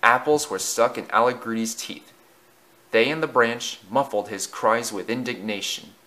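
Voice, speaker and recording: A man narrating a children's railway story in a lively, expressive reading. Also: mid-range voice, moderate pace.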